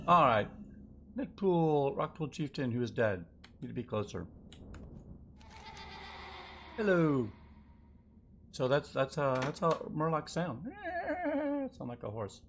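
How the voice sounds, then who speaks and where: A man's voice: a little high, normal speed, slight background noise. A man streaming a game live, chatting and thinking aloud in a loose, rambling way as he plays. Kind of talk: live gameplay commentary.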